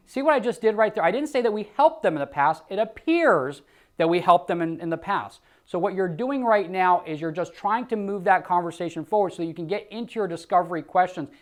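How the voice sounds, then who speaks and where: A man coaching insurance agents, acting out phone scripts and punching points with emphatic exclamations. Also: sits high. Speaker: sales trainer. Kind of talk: sales coaching lesson with role-played scripts.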